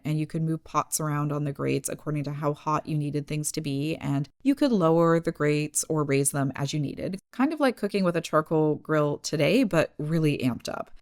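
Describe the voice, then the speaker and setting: A woman hosting a history podcast, reading a scripted narration with chatty, wry asides. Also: low voice. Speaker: podcast host.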